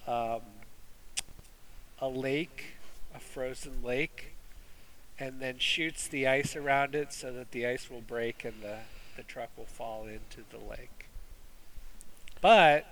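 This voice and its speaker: A man's voice: mid-range voice, sharp tone, poor audio. A man hosting a casual movie review chat, rambling with fillers and restarts. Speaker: movie review podcast host.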